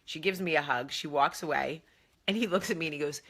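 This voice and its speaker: A woman in her thirties, a vlog host telling chatty, animated stories about her family. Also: low voice, fairly quick, slightly rough. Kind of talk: casual chat.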